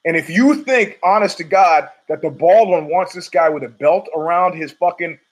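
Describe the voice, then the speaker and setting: This middle-aged podcast host has a high-pitched voice and talks at a normal speed. The recording is rough, and his monologue wanders, full of profanity, strong opinions, and frequent restarts.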